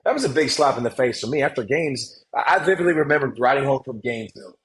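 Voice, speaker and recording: Guest, man, 40s, mid-pitched, lively and emphatic storyteller. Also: quick pace, rough recording. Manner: animated, emphatic storytelling with frequent restarts. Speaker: guest, former football player and analyst. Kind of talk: casual podcast conversation.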